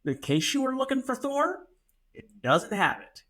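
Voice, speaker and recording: A young man co-hosting a casual podcast, telling stories with lots of comic exaggeration. His pitch swings widely as he talks, and his voice has a bright, forward edge. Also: unhurried. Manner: animated storytelling with comic exaggeration. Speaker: podcast co-host. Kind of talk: casual chat.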